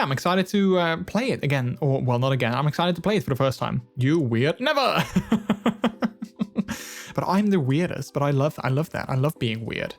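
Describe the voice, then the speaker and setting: A young man chatting casually with his stream viewers in a rambling, playful way, laughing easily and filling pauses. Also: a little high. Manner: rambling, playful, quick to laugh, many fillers. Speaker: live streamer.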